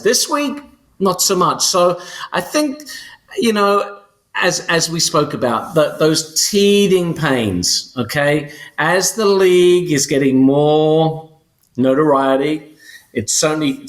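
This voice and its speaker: A man's voice: a little high, fairly bright tone. An English man co-hosting a soccer podcast, talking casually with many fillers and restarts. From England. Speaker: co-host.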